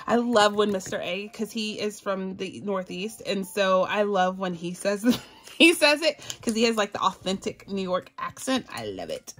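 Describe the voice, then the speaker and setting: A woman's voice: mid-range voice, expressive, normal speed, a bit bright, soft background music. A woman from the Southern US with a Southern accent, chatting casually and giggling as she hosts a cash budgeting vlog. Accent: Southern American. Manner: bubbly, giggly, talks to viewers as y'all. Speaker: budgeting channel host.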